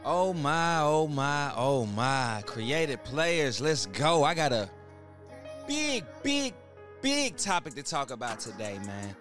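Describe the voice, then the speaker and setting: A man's voice: medium pitch, sing-song, unhurried, hardly any pauses, fairly bright tone, faint music behind. Hyped slangy man hosting a podcast. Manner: hyped, slangy, repeats words for emphasis. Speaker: podcast host. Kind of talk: casual solo podcast talk.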